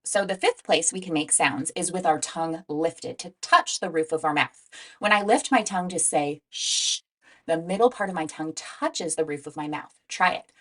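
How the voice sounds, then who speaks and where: A woman teacher giving a phonics lesson for young children, slowly modeling each speech sound. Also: low-pitched. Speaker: reading teacher.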